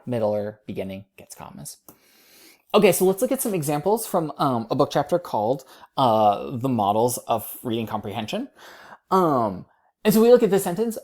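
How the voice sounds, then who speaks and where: A woman's voice: very deep voice, lively intonation, a little fast, darkish tone. A woman teaching writing in a recorded lecture, explaining casually and correcting her own slips as she goes. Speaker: writing instructor. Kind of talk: recorded lecture over slides.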